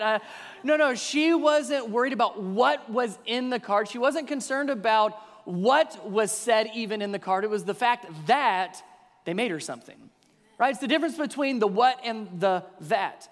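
A middle-aged male pastor preaching a sermon in a church sanctuary, animated and acting out quoted voices. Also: extremely high pitch, normal speed. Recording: long hall reverb.

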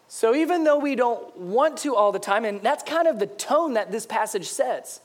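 A man's voice: extremely high pitch, lively intonation, normal speed. A man in his thirties, a pastor, preaching a sermon with humorous, self-mocking stories.

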